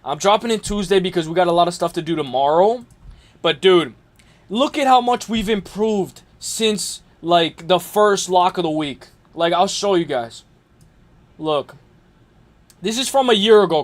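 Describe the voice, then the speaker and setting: A man's voice: high voice, moderate pace. A man hosting a casual live stream, rambling and filling his talk with "dude" and "whatever". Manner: rambling, filler-heavy, says dude a lot. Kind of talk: casual live stream chat on fight picks.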